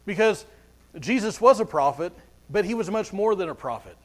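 A man's voice: sits high, animated, normal speed. A man preaching a sermon as pastor, earnest, often repeating words as he goes.

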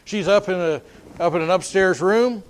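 Male preacher, high-pitched, folksy storyteller who restarts his sentences a lot. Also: normal speed. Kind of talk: sermon.

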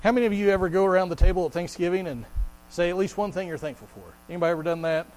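A man with a high voice preaches a sermon in a plain, conversational manner, often repeating words as he builds his points. He slows right down to lean on each scripture quote. A faint electrical hum runs under the recording. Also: a little mellow, low-quality recording. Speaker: pastor.

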